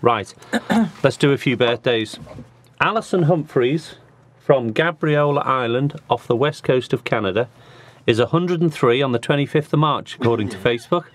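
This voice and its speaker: A man's voice: mid-range voice, lively intonation, moderate pace. Joking Liverpool man hosting a show. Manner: jokey, chatty banter. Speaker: show host. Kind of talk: casual chat presenting a music show. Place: studio.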